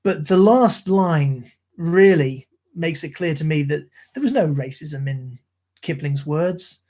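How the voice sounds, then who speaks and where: A man's voice: a little high, expressive, slow pace, darkish tone. A middle-aged man reading poems aloud on a live stream, with dramatic delivery, a put-on London soldier's voice, and chatty, self-deprecating asides. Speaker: poetry reader on a live stream. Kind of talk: poetry recitation.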